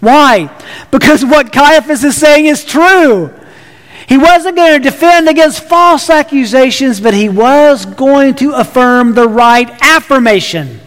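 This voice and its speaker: A man with a very high voice preaches a sermon in a big reverberant hall. He talks emphatically, stumbling and restarting phrases as he presses each point home. Long reverb trails behind his words. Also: lively intonation, a little slow, a bit bright. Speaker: pastor.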